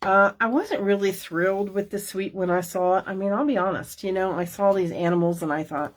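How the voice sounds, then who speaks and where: A woman's voice: mid-range voice, fairly even intonation, brisk, few pauses. A middle-aged woman hosting a crafting class, talking casually and folksily with many fillers and asides. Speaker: stamping demonstrator hosting a class. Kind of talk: casual craft show-and-tell.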